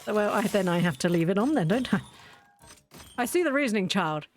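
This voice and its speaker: A woman's voice: medium pitch, lively intonation, brisk, pauses often, music in the background. A woman streamer chatting casually during a livestream, rambling through anecdotes.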